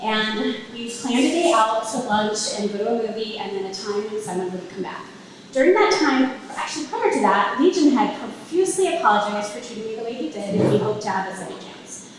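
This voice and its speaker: A woman's voice: a little high, animated, brisk, slight background noise. A woman telling a personal story on stage to a live audience, conversational, with wry asides to the crowd. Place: event venue with a live audience. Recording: very echoey room, mic at a distance.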